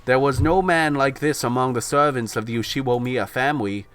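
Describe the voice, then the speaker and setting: A man's voice: medium pitch, fairly quick, fairly bright tone, faint music behind. A young man hosting a podcast, reading a visual novel aloud and breaking off to chat and laugh at himself. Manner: laughs easily, self-deprecating. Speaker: podcast host, reader.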